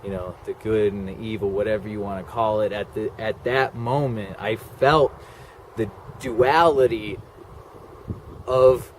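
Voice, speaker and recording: A vlogger, a man with a mid-range, slightly mellow voice, rambles through a personal story, sprinkling in "like" and "okay?" asides. There's a bit of background noise.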